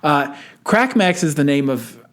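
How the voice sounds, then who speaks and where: A man's voice: fairly high pitch, expressive, a little slow, a little hiss or hum. A man hosting a podcast in casual chat, rambling and joking as he introduces songs. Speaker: podcast host.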